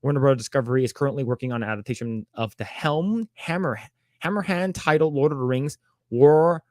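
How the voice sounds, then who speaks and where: Halting man reading news aloud. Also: medium pitch, darkish tone, dry recording. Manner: halting, many fillers and repeated words. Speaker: podcast co-host. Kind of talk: casual chat reading news.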